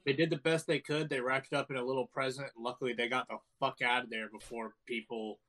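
A man chatting casually on a podcast with an average pitch. He retells stories in an animated way, swearing often and acting out the quotes. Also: fast talker. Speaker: podcast co-host. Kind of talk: casual chat.

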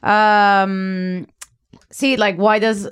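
A woman's voice: mid-range voice, level tone, very slow, clean tone. A woman co-hosting a podcast, chatting and gushing as she laughs often. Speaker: podcast co-host. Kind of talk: casual chat.

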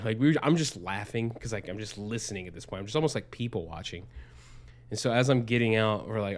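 Young adult man, podcast co-host, loose profane storytelling, slightly low voice. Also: fast. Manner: rambling, profane, lots of fillers. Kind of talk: casual storytelling. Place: Arizona.

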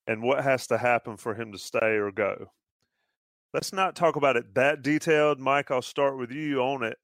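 A man hosting a casual sports talk radio show, speaking in a relaxed, halting way with plenty of fillers. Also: medium pitch, no echo, clean studio sound.

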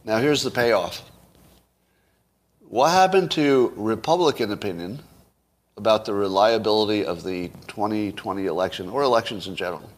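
A man's voice: on the low side, normal speed. A middle-aged man giving solo commentary, sarcastic, asking his audience rhetorical questions and chuckling at his own points. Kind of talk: solo political commentary to camera.

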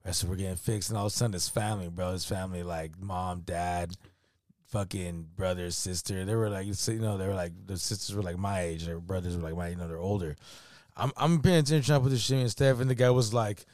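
A man's voice: deep voice, steady tone, fast talker, darkish tone, no room sound, studio quality. A man chatting casually on a podcast, telling a profane story. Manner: laid-back, profane, laughs often. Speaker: podcast co-host. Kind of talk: casual chat.

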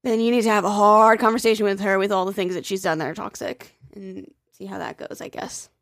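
A woman's voice: mid-range voice, fairly even intonation, fairly quick, noisy background. A young woman co-hosting a chat show, reading a listener's email and reacting bluntly, laughing easily and swearing. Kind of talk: casual chat and reading aloud.

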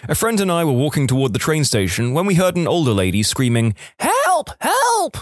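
Lively man reading stories aloud. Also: medium pitch, fast talker, no room sound, clean studio sound. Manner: lively storytelling with acted quotes and asides. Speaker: podcast narrator. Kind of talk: scripted narration of reader stories.

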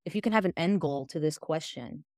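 A woman's voice: fairly quick, a little mellow, no echo, clean studio sound. A woman guesting on a podcast, chatting casually and switching between English and Spanish mid-sentence, acting out other people's lines in exaggerated voices. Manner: acts out other people's voices with big jumps in pitch. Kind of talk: casual interview chat.

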